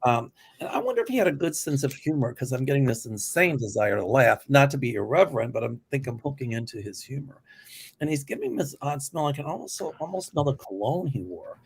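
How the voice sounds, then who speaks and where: A man's voice: mid-range voice, lively intonation, fast, gravelly, slightly rough. A man hosting a live psychic stream, reading viewers' questions aloud and answering them plainly. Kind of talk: casual live-stream chat.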